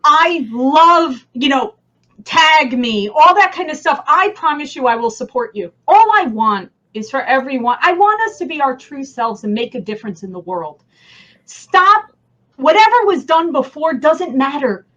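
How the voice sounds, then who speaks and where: High bright New Jersey woman. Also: very animated, a little slow, highs cut off. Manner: enthusiastic, laughs often. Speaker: guest. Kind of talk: casual interview chat.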